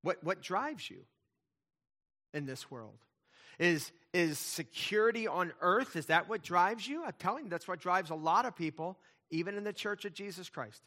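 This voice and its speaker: A man's voice: high-pitched, animated, moderate pace, bright, forceful tone. A middle-aged male pastor preaching a sermon, emphatic, with intensity that swells and drops back.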